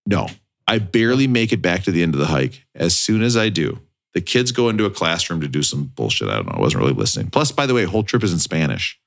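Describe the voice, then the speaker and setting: A man's voice: low-pitched, very animated, fast, vocal fry. A man in his twenties, a podcast co-host, telling a long story in a casual, self-mocking way with plenty of swearing. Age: 20s.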